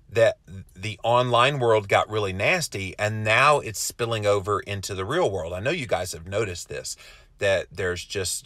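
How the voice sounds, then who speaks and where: Middle-aged Southern US man, earnest folksy live-stream host, low-pitched, dry close sound. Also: fairly bright tone, no echo. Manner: earnest, folksy, hums filler syllables while reading. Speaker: host reading viewer comments. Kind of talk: casual live-stream chat.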